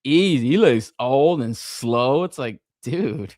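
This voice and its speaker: Casting: man, 30s, animated podcast host with a swinging pitch, heavy swearing, dry close mic. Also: takes it slowly, dry recording. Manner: animated, swears constantly, laughs often. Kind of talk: casual profane toy-collector chat.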